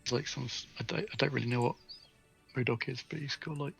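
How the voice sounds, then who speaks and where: A man's voice: medium pitch, fairly even intonation, fast talker, gravelly, a bit bright, faint music behind. A man chatting casually on a live stream, making dry, self-deprecating jokes.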